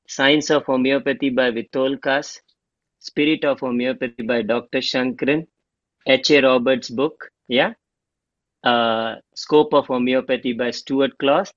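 A middle-aged man, a homeopath guest telling an animated story and acting out the dialogue. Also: medium pitch, no echo. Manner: animated, acts out quoted dialogue. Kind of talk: storytelling interview. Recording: dull lo-fi dry sound.

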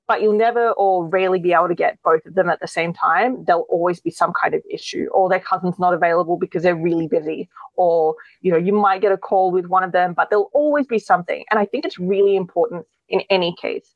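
Aussie woman guest explaining stuff, bit low voice, restarts a lot, dry sound. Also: dry recording, muffled recording. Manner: earnest, explanatory, with frequent restarts. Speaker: guest expert on scams. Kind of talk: conversational interview answers.

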